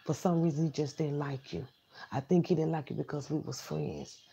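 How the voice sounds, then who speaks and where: Soft begging apology from a sorry young woman, real gravelly husky voice, woman quoting her. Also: sits low, fairly even intonation, moderate pace, heavily acted. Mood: pleading, hushed. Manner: hushed, pleading, repetitive apologies.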